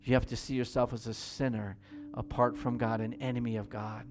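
A man preaching a sermon as pastor in a church, swinging between loud pleading and hushed prayer. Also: medium pitch, flat delivery, a little fast.

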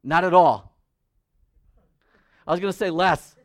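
A pastor preaching a sermon. He asks the congregation direct questions, and his voice swings between loud emphasis and quiet, low asides. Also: unhurried.

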